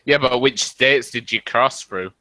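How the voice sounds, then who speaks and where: Man, bright and forceful, dry close sound; teasing interrogator in casual chat. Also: mid-range voice, measured pace, no room sound. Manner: mocking, interrogating, laughing. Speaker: voice chat participant.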